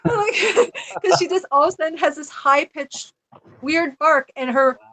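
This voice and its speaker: Animated, chatty high-voiced woman. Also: normal speed, slight background noise. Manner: animated, chatty, laughs often. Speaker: podcast guest. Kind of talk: casual storytelling chat.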